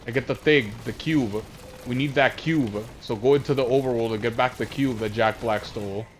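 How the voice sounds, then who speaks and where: A man's voice: medium pitch, moderate pace, a little hiss or hum, lightly acted. A man voicing an impatient, bossy evil woman villain giving orders. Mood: commanding. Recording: dull lo-fi audio.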